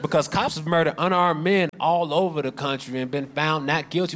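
A man telling a long stand-up story, mostly deadpan, with sudden loud outbursts. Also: a little high, moderate pace. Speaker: stand-up comedian.

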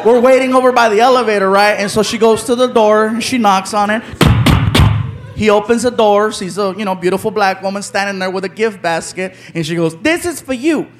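A stand-up comedian telling a story on stage, animated and laughing as he acts it out. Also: high-pitched, brisk. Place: comedy stage before an audience. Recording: live club with loud crowd noise.

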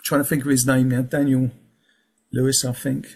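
A man speaks in a rough, gravelly voice with a husky, airy edge. He talks as a guest in a relaxed interview, wandering through his points with plenty of ums and restarts. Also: mid-range voice, moderate pace. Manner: rambling, restarts often, fills with um and yeah. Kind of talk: casual interview chat. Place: lives in England.

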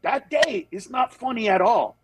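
A man who works as a comedian, telling candid stories in conversation and moving between animated voices and earnest, steady points. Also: very high voice, normal speed, slightly rough, dry recording, poor audio. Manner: animated, jumps into voices of other people mid-story. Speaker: comedian guest.

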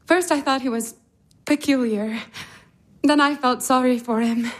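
An actress playing a passionate, lovesick middle sister who speaks with urgent, confessional intensity. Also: female voice, high-pitched, steady tone, unhurried. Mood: confessing. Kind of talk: stage drama acting.

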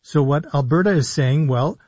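Male radio doctor, mid-high husky voice, dry studio sound, slightly dull audio; measured, explanatory read. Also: darkish tone, no echo. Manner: measured, explanatory, slow emphasis on key words. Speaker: radio show host, physician. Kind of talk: live call-in radio talk.

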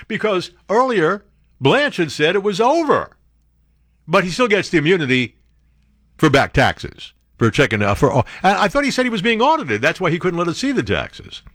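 A man reading news items and cutting in with sarcastic remarks, his voice swinging widely and jumping up high when he exclaims. The sound is dry and close, with little room around it. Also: no room sound. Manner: animated, sarcastic asides, jumps to high exclamations. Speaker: show host reading and commenting on news. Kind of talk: casual political commentary.

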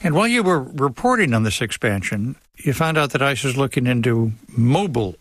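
A man hosting a radio news program, introducing segments and asking questions in a measured way. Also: medium pitch, animated, dry recording. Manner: measured interviewer.

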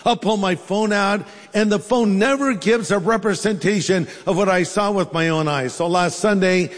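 High-voiced preacher in a reverberant hall. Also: male voice, moderate pace. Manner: storytelling, humorous asides. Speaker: pastor. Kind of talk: sermon.

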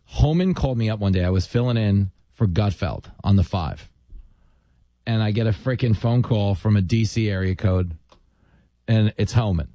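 A man hosting a radio talk show, telling stories and making self-deprecating jokes in a casual, animated way. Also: lowish voice, normal speed, no room sound. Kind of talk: casual radio chat and storytelling.

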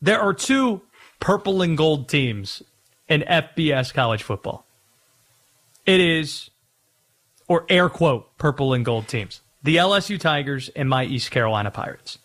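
Animated high-voiced male sports host. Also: measured pace. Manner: animated, playful ranting. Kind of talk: sports talk radio.

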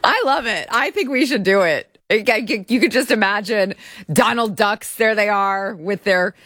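A woman's voice: mid-range voice, normal speed, fairly bright tone, no room sound. A woman hosting a political commentary show in a studio, talking in a sarcastic, mocking way. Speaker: show host. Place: broadcast studio.

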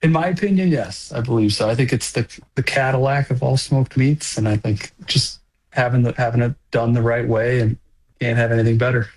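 Husky-voiced man answering interview questions. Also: mid-range voice, poor audio. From Minnesota. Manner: easygoing, slightly halting, laughs often. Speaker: restaurant owner guest.

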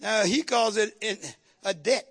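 A male pastor preaching a fervent sermon, shouting at times and calling on the congregation to respond. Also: high-pitched, unhurried.

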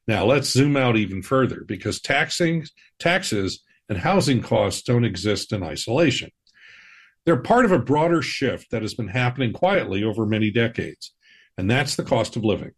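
Male finance host, husky and animated, steady reassuring delivery. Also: mid-range voice. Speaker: financial advisor, podcast host. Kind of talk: scripted personal-finance talk.

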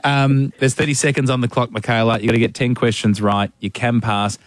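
A man's voice: mid-range voice, little pitch movement, a little fast, no echo. A man hosting breakfast radio and running a quiz, ribbing his co-host in a dry, exasperated way. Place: radio studio.

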